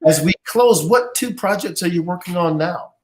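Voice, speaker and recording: A man hosts a live interview show in a jovial, teasing manner. His speaking voice sits fairly high for a man. He keeps the talk lively and playful. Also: moderate pace. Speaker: host.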